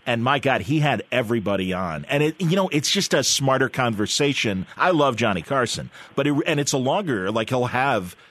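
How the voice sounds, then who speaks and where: A man hosting a radio interview, enthusiastic, quick to affirm his guest and loose in asking questions. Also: medium pitch, expressive, a bit bright. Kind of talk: casual interview chat.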